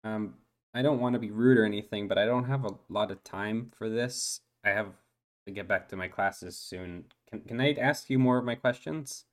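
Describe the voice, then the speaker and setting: A man plays a shy eight-year-old dolphin schoolboy who rambles nervously, stammering and restarting his sentences. The voice stays fairly low. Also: normal speed, lightly acted. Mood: hesitant, nervous. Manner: hesitant, stammering, full of ums and restarts. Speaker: player. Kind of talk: tabletop role-play, in character.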